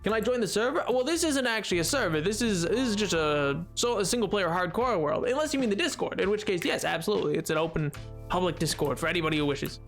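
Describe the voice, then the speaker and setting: A man with a notably high voice streams a game and chats with viewers between moves. He talks in a loose, teasing way, joking back at the chat. Soft music plays faintly under his voice. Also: lively intonation, fast. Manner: playful, jokey, answers chat while gaming. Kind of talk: casual live-stream chat reading.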